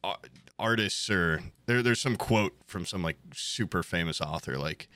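A man's voice: low voice, unhurried, sharp tone, no echo. A young man co-hosting a podcast, chatting casually in a rambling, profane, laid-back way. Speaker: podcast co-host. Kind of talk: casual chat.

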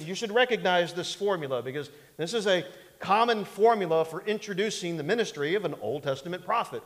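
A male pastor preaching a sermon in a conversational, folksy way, often asking the congregation for an amen and joking along the way. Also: high voice. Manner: folksy and humorous, slips into mock voices. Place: church sanctuary. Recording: long hall reverb in a church.

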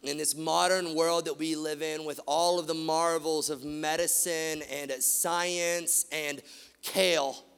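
A man preaching a sermon, animated, swinging from loud emphatic lines to quiet, hushed ones. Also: on the high side, slow pace, vocal fry, clean tone. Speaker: pastor. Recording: long hall reverb.

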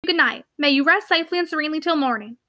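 A grave young mill owner, courteous but guarded, with each line kept in check, read by a woman. The voice sits high and bright for a man, and the words come measured and restrained. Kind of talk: audiobook character reading.

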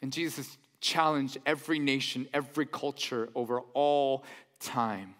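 A man preaching a sermon in a church, conversational and animated, with mock-incredulous asides. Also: medium pitch, measured pace. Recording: long hall reverb.

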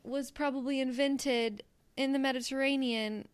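Casting: young woman podcast co-host, high bright voice, playful and giggly. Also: steady tone, moderate pace, smooth. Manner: playful, laughing, trails off into whispers. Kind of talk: casual chat.

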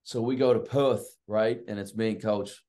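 A middle-aged man with a fairly low voice tells coaching stories at length. He talks casually and leans hard on fillers like "like" and "right." He is a guest on a podcast. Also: moderate pace. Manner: animated and long-winded, heavy on fillers like "like" and "right". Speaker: guest, college basketball coach. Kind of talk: casual storytelling.

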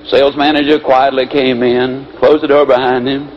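A man giving an animated, folksy motivational speech, telling a story. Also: medium pitch, normal speed, lo-fi sound, slight background noise. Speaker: motivational speaker.

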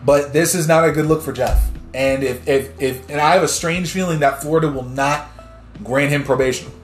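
Casual news commentary from a New Jersey man hosting a podcast, who vents hotly in clipped, profane sentences. He speaks at a moderate pace with a fairly high pitch. Faint music plays in an echoey room.

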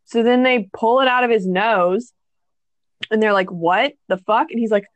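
A woman's voice: fairly high pitch, moderate pace, no echo, highs cut off. A young woman co-hosting a podcast, retelling a story in casual chat, acting out the quotes and swearing bluntly. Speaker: podcast co-host.

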